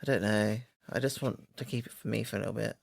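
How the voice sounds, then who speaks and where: A man's voice: lowish voice, fairly even intonation, quick pace, gravelly, slightly rough. Chatty man, podcast banter. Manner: chatty, laughs often, opinionated. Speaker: podcast co-host. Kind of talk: casual chat.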